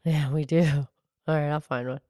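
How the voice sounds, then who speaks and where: A woman voicing a gentle, low-voiced podcast co-host who speaks softly and slowly. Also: fairly even intonation, no echo, clean studio sound, lightly acted. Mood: calm. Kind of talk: casual chat.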